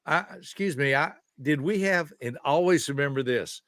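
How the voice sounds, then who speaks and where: A man's voice: fairly high pitch, normal speed, fairly bright tone, no room sound, clean studio sound. A man in his seventies, a behavior specialist explaining ideas in an emphatic, teaching way and asking rhetorical questions. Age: 70s. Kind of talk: conversational teaching.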